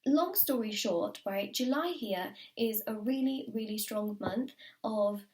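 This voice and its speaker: A woman's voice: mid-range voice, a little slow, darkish tone. A woman with a British accent giving a tarot reading, enthusiastic and repeating words for emphasis. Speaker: tarot reader.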